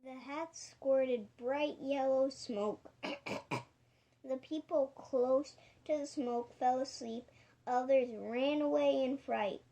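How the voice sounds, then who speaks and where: A woman reading a children's storybook aloud, halting now and then and correcting herself. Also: sits high, steady tone, dark tone. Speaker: audiobook reader.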